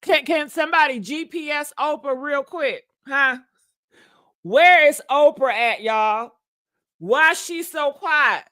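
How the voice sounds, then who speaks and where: Sassy woman host with bright high voice. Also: no room sound, clean studio sound. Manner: sassy, preachy, calls out to viewers. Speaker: commentary channel host. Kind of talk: gossip commentary livestream. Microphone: streaming setup mic.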